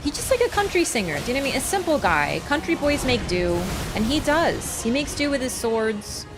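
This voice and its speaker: A young woman streaming a video game, rambling chattily and bursting into excited swearing. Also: high-pitched, fairly quick. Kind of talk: live gameplay commentary. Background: game music.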